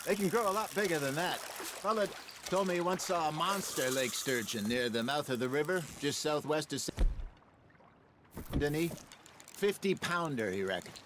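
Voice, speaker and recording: A genial older outlaw, played by a man, spinning wry folksy tales in a fairly high, lively voice. The game audio carries loud background noise. He talks like a seasoned storyteller. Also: moderate pace, long pauses, close to an everyday voice.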